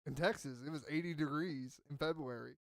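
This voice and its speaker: A man's voice: a little high, a little fast, fairly bright tone, no room sound. A man in casual chat who tells a rambling story and acts out what people said. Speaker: podcast host.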